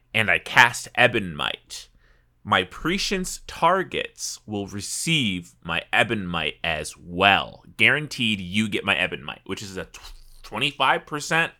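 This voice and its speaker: A man co-hosting a casual gaming podcast, explaining things in an animated way and laughing often. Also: on the low side, unhurried. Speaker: podcast co-host.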